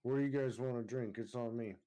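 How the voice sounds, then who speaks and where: A man's voice: medium pitch, fairly even intonation, brisk, dark tone. A man playing in a tabletop game, laid-back and dry in his remarks. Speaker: player. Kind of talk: casual tabletop play.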